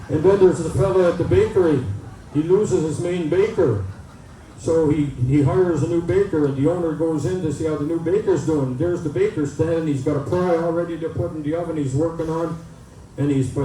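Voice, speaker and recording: A man emcees a community event, telling folksy jokes full of uhs. His voice is on the high side with a warm tone, heard through an echoey PA on a distant mic with faint noise.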